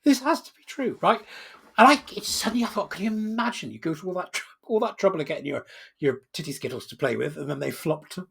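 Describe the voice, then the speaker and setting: Commentator, raspy and animated, loose joke-teller. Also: male voice, high voice, fast talker. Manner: rambling, mocking, joke-telling. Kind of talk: comic monologue.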